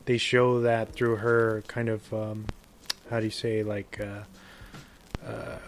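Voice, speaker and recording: A man co-hosting a podcast who talks about a film in casual chat, often pausing to search for words with fillers like "how do you say.". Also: lowish voice, level tone, a little hiss or hum. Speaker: podcast co-host.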